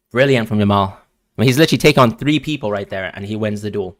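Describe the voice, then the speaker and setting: A man's voice: on the low side, fast, no room sound, clean studio sound. A man streaming live and reacting emotionally to a football match as he watches, talking to his viewers.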